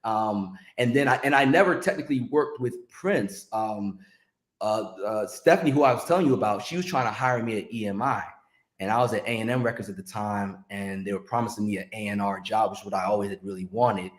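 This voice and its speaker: In a reverberant space, a middle-aged man with a lowish voice talks a little quickly, sharing casual anecdotes from the music world. He's a lively storyteller who acts out what others said.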